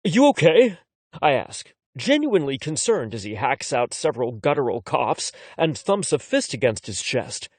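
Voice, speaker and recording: A man's voice: medium pitch, sing-song, moderate pace, hardly any pauses, slightly rough, no echo. Wry male audiobook narrator. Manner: wry, conversational first-person narration. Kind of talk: first-person romance audiobook narration.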